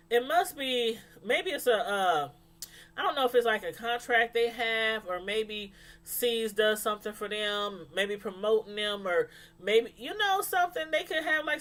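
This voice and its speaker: A woman reviewing a TV show in casual chat, rambling, animated and full of fillers. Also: on the high side. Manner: animated, acts out quotes from the show; loose, rambling delivery with many fillers.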